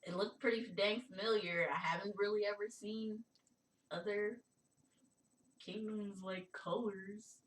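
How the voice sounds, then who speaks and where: A woman's voice: mid-range voice, steady tone, measured pace, echoey room, far from the mic, poor audio. A woman playing in a tabletop game, joking and offhand. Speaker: player. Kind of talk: casual chat in a tabletop game.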